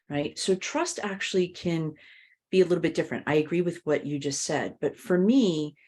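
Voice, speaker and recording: A woman's voice: low voice, darkish tone. A woman podcast host sharing personal experiences in a reflective, open way, often saying "you know".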